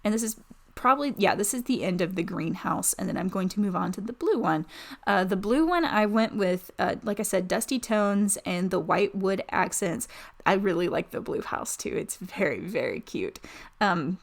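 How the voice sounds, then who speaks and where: A woman's voice: medium pitch, lively intonation, moderate pace, creaky. A woman giving casual, chatty voice-over commentary on a game build, gushing and rambling with many fillers. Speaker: Sims building YouTuber.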